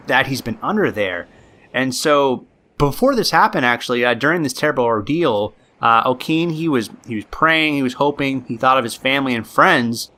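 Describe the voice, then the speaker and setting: A male podcast host tells a story in a loose, rambling way, full of likes and ums. His voice is bright and forceful, at a middle pitch. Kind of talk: casual storytelling.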